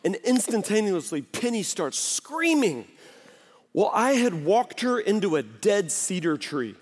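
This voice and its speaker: A man in his thirties preaching a sermon as a pastor, animated, often acting out the voices of people and of God. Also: high-pitched, a little slow. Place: church sanctuary. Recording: long hall reverb in a church.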